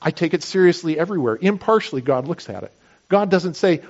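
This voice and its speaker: A man's voice: on the high side, lively intonation, brisk, muffled recording. Man preaching a conversational sermon. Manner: conversational, uses everyday illustrations. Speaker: pastor.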